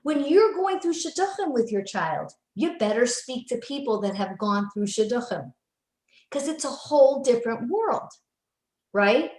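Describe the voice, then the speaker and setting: Lively storytelling woman in a roomy room. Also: a little high. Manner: animated storyteller, quick restarts. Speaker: psychologist guest. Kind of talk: casual interview chat. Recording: roomy echo.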